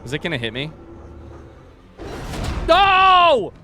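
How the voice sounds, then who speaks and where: Animated young man riffing over a game. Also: medium pitch, fairly quick, faint music behind. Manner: animated, joking, swearing, talks to the game. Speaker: gaming streamer. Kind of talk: casual gaming commentary.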